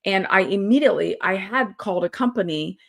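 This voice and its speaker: A middle-aged woman with a drawl, talking like she's catching up with a friend. Her pitch sits in an ordinary middle range, and she rambles through the story with plenty of "um" and "like." It has the loose feel of a casual vlog chat. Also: brisk, gravelly. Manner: chatty, animated storyteller with lots of fillers. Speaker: yarn studio owner and vlog host.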